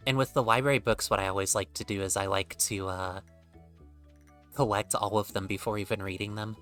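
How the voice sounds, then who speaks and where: A man's voice: fairly low pitch, steady tone, fairly quick, a bit bright, faint music behind. A man streaming a game, chatting casually, rambling and joking with offhand swearing. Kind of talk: casual gameplay commentary.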